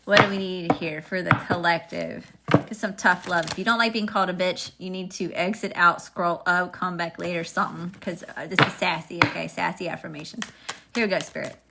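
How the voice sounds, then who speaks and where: A woman's voice: lowish voice, fairly even intonation, a little fast, gravelly, very noisy. A woman, chatting sassily with viewers while giving a casual live-stream tarot reading. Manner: sassy, chatty, talks to viewers. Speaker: tarot reader.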